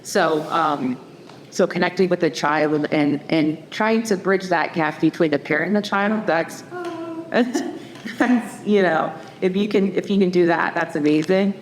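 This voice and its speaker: A low-pitched woman counselor speaks on a panel discussion, thinking aloud with frequent fillers and restarts. The voice carries a long hall reverb, with a faint hiss behind it. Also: a little slow. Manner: conversational, many fillers and restarts. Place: community event hall. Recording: echoey hall, faint background noise.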